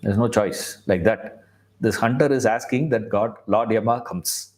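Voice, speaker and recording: A man's voice: on the low side, unhurried. A man, a spiritual teacher telling a story conversationally, often checking in with listeners. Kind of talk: storytelling talk.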